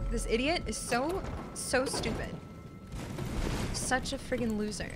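A woman's voice: a little high, unhurried, pauses often. A young woman streaming a game live, talking to her chat, frustrated and swearing. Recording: music playing loudly behind.

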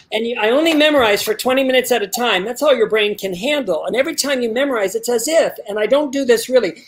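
A man leads an acting workshop with steady, emphatic explanations. He repeats his key points and coaches the student step by step. The sound has the quality of a video call. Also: very high voice. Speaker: acting teacher.

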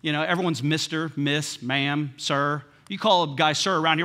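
A man preaching a sermon as pastor in a church, in a conversational, humorous way that swings between hushed lines and emphatic ones. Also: a little high, normal speed. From United States. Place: church sanctuary.

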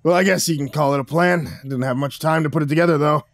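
A man's voice: on the high side, fairly even intonation, fast talker, no room sound, natural voice. A man voicing a sardonic, weary male fighter in a horror story reading, delivering lines in a dry, worn-out way. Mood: wry.

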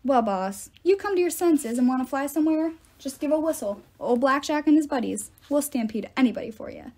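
A woman's voice: sits high, animated, fairly quick, darkish tone. A woman voicing a cocky male talking pegasus with a brash, slangy manner. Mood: eager.

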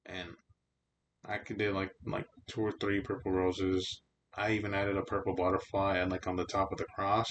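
A man's voice: sits low, completely flat delivery, fairly quick, fairly bright tone, slight background noise. A young man hosting a podcast, telling laid-back stories in casual chat with heavy swearing and slang. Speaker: podcast host.

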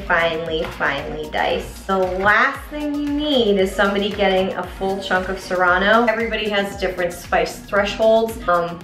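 A woman's voice: fairly high pitch, fairly bright tone. A playful woman talks through a casual cooking demo in her home kitchen, tossing in jokey asides. She sits back from the mic, and her voice rings in the room over faint music. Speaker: cooking vlogger. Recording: roomy echo, mic at a distance, faint music.

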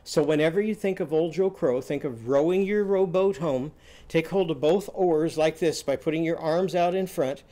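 A man with a fairly high-pitched voice teaches a phonics lesson with a lot of animation. He tells short stories and quizzes the class, shouting loud, drawn-out vowel sounds as prompts.

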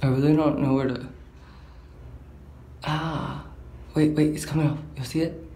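A man's voice: fairly high pitch, level tone, measured pace, mellow. An eighteen-year-old man telling a storytime in a rambling, slangy way, filling his talk with "like". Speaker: vlogger. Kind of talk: casual storytime chat. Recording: roomy echo, faint background hum.

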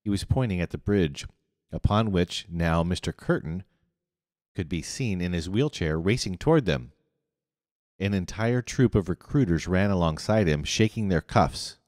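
A man narrating an audiobook in an expressive reading. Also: low-pitched, no room sound, clean studio sound, big-room sound. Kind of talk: scripted narration.

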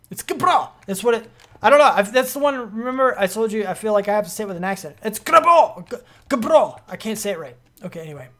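A young adult streamer giving casual, rambling gameplay commentary, excitable and full of fillers. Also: mid-range voice.

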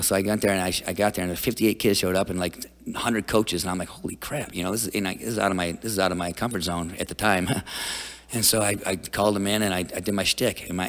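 A man talking as a podcast guest, telling stories in an energetic, rambling way with many restarts. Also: deep voice, big-room sound. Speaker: guest wrestling coach. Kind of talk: casual storytelling.

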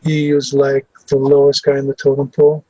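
A man giving testimony about his memories, speaking haltingly with many fillers and restarts. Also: mid-range voice, completely flat delivery, warm tone, no room sound, dull audio. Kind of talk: recounting personal memories in testimony.

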